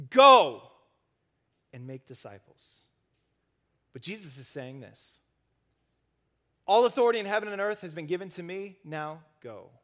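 A man preaching a sermon, earnest, rising to emphatic stresses and then dropping soft and low. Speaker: pastor.

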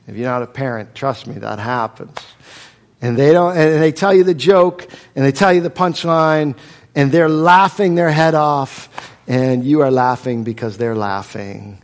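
A man's voice: mid-range voice, measured pace. A male pastor preaching a sermon with emphasis, repeating key phrases for weight.

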